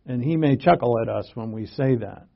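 A man preaching a sermon in a conversational way, growing animated when he acts out quotes. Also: medium pitch, moderate pace, creaky. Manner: conversational, animated when quoting, asides and chuckles. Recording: dull lo-fi recording.

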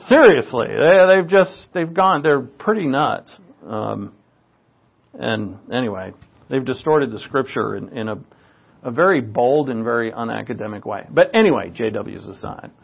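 Gravelly man preaching a chatty sermon. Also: medium pitch, lively intonation, unhurried, highs cut off. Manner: chatty, with joking self-mocking asides. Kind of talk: conversational sermon.

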